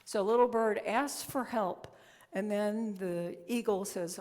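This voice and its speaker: A woman's voice: medium pitch, takes it slowly, a little mellow. A woman minister giving a conversational, story-telling sermon in a church sanctuary. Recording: long reverb in a church hall.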